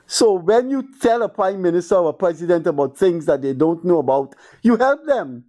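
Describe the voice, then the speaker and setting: A man's voice: sits high, lively intonation, normal speed, warm tone. An older man with a Guyanese accent hosting a call-in show, talking in exasperated, rambling commentary. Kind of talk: call-in radio talk.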